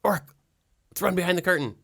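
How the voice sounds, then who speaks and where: Eager guy at the game table, kinda high bright voice. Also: brisk, vocal fry, husky. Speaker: player.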